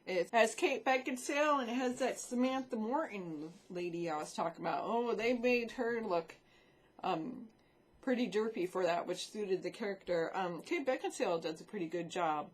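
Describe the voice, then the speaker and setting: A woman's voice: medium pitch, lively intonation, normal speed. A woman vlogging in a casual, rambling chat about films and shows she watched, swearing freely as she talks into a desk microphone.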